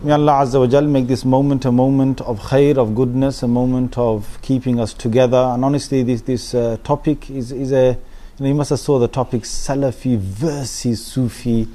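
A middle-aged man from the United Kingdom, telling stories to a congregation in an animated, humorous way. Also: medium pitch, moderate pace. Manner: animated, humorous storytelling with frequent restarts. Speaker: Islamic speaker. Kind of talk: informal talk to a congregation.

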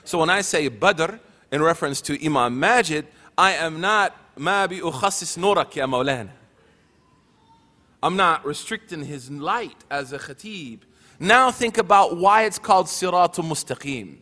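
A man's voice: on the high side, lively intonation, moderate pace, pushed and bright. A man giving a teaching talk at a religious gathering, mixing joking asides with earnest points, in a hall with a long echo.

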